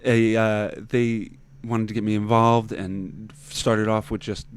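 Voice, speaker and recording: A young man guest in a casual interview, talking haltingly, repeating words and laughing easily. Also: on the low side, little pitch movement, a little hiss or hum. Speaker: podcast guest.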